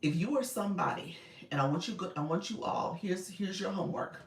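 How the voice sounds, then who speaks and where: A woman's voice: on the low side, fairly quick, vocal fry, echoey room. A woman in her forties coaching on a livestream, chatty and direct, often breaking into laughter. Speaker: live-streaming coach. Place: inside a car.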